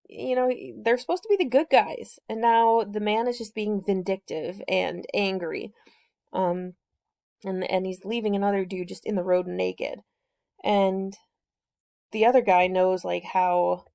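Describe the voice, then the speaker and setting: Hosting a book chat, a woman with a creaky, dark-toned voice of typical middle pitch retells a novel's story. She is easygoing and conversational, her loose, unpolished speech full of fillers and self-corrections as she goes through the plot.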